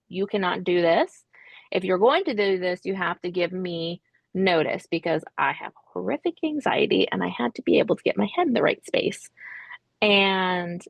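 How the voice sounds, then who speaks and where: A woman in her thirties tells a difficult personal story as a podcast guest. Her voice is lowish and heavily gravelly with vocal fry, and she hesitates often, restarting sentences and sometimes sinking to a whisper. The sound is dry and close. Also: no echo. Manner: hesitant, many restarts and ums, drops to a whisper at hard moments. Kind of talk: interview storytelling.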